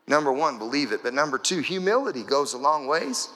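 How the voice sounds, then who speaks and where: Bright-voiced preacher man in echoey hall. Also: a little high, very animated, brisk. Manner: rhythmic repeated preaching phrases. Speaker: pastor. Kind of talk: sermon. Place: church.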